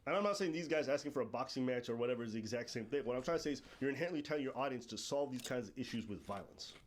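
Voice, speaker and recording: Man, podcast host, rapid delivery, probing and challenging. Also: medium pitch, animated. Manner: fast, challenging, questioning. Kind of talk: casual podcast discussion.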